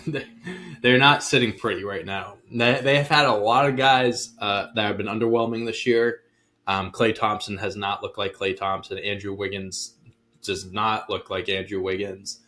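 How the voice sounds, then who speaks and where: A man's voice: lowish voice, steady tone, moderate pace, pushed and bright. A man co-hosting a sports podcast, talking casually and bluntly, often restarting his sentences. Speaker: podcast co-host.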